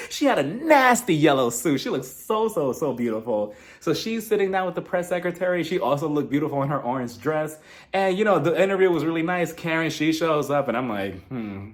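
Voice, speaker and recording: Man, young adult, casual gossipy recap host, animated pitch, mimics people. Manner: chatty, gossipy, acts out cast members' lines in mimicking voices.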